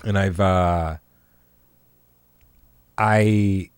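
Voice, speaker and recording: A man in his thirties co-hosting a podcast, chatting casually with deadpan jokes. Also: low voice, very slow, smooth, no room sound. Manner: joking, deadpan asides. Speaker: podcast co-host. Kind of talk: casual chat.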